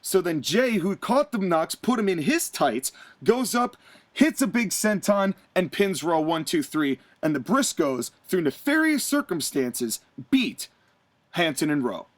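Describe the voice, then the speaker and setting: A man's voice: high voice, measured pace. A man hosting a podcast, telling a wrestling match in casual chat and acting out the wrestlers' lines. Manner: animated storytelling, acts out wrestlers' lines. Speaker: podcast host recapping a wrestling show.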